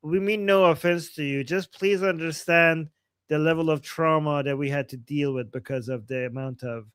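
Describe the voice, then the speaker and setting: A man's voice: on the high side, fairly even intonation, moderate pace, a bit bright, smooth, no room sound, studio quality. A man from Iran co-hosting a live stream, laughing often and hedging his remarks. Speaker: co-host. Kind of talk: casual live-stream chat.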